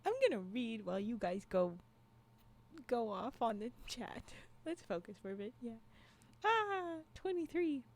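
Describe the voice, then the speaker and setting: A woman's voice: medium pitch, normal speed, darkish tone. A woman livestreamer chatting casually with her viewers, rambling through asides and laughing often. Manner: frequent restarts and trailing asides. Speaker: livestream storyteller. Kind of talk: casual chat with live viewers.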